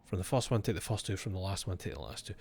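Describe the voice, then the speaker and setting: A man's voice: deep voice, animated, very fast, creaky, a little mellow. A man streaming a game, reading its letters aloud and breaking off for wry asides to himself.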